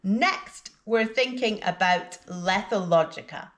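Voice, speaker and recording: A woman teaching an English lesson in a slow, deliberate scripted delivery, with exaggerated intonation in her example sentences. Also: medium pitch.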